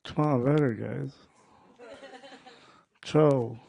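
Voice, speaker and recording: A male stand-up comedian doing a set, loud and profane, working the crowd. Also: on the high side, normal speed. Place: comedy show stage.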